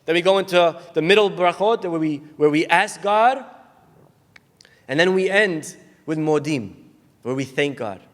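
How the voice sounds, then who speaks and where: A rabbi preaching to his listeners in a lecture hall, with long reverb trailing after each phrase. His voice sits fairly high for a man. He tells his story animatedly, acting out each of its characters. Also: lively intonation, unhurried. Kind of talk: sermon with storytelling.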